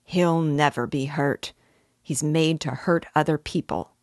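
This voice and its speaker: A woman reading aloud and voicing a proud, anxious young gentleman who speaks hastily and bitterly. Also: low-pitched, moderate pace, no echo, studio quality, natural voice. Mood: agitated. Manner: hasty, bitter.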